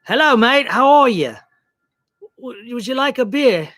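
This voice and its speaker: Brief: a cheery mock Aussie bloke, pitched up and hammy, a man doing the bit, dry close sound. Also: animated, a little slow, no room sound, exaggerated voice. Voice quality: exaggerated mock accent, high and loud. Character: jokey cartoonish Australian bloke, friendly.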